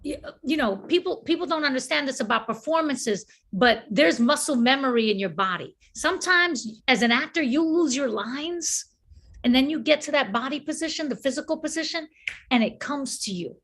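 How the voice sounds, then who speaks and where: In a relaxed online chat over video call, a woman actor and filmmaker recounts stories with animation, voicing the quoted lines herself. She speaks at a normal speed in a voice that sits high.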